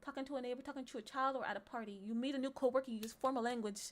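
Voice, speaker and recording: Playful high-voiced woman streamer. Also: steady tone, racing. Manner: playful and teasing, often breaking into giggles; reads options aloud, sometimes trailing into murmurs and whispers. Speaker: livestreamer. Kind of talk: casual livestream chat, reading quiz questions aloud.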